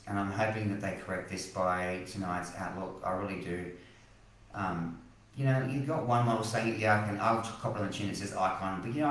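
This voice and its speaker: A man's voice: low voice, a bit bright, very echoey, recorded from a distance, slight background noise, low-quality recording. An Australian man hosting a live weather stream, passionately ranting about forecast models, then apologising. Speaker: weather page host.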